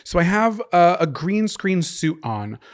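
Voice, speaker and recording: A man's voice: high voice, sing-song, measured pace. A man co-hosting a podcast in playful, joking casual chat. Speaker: podcast co-host.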